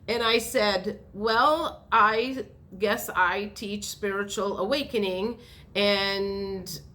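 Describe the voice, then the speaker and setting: A woman in a casual vlog, telling a long everyday story in a chatty, rambling way. She speaks at an ordinary middle pitch and trips over her words with fillers and restarts as she goes. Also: takes it slowly, bright, forceful tone. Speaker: vlogger.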